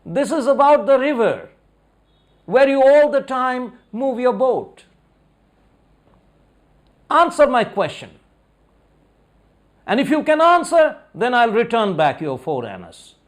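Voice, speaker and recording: A man's voice: very high voice, sing-song, slow pace, long pauses, pitched above the performer's own voice, heavily acted. A man voicing a haughty, condescending scholar who quizzes and mocks a boatman in a spoken story. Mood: lecturing. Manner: condescending, lecturing questions. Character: haughty, mocking male scholar.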